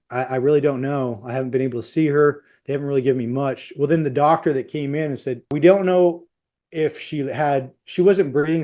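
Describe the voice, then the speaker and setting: A man's voice: fairly high pitch, a little mellow. A man in his thirties, a guest on a podcast, intensely telling a personal story and acting out what others said. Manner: intense, quotes others in their voices while retelling.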